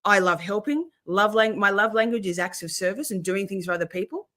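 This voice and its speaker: A woman's voice: medium pitch, fairly quick, a bit bright. A woman hosting a livestream, ranting in a profane, fired-up way in casual chat. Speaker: livestream host.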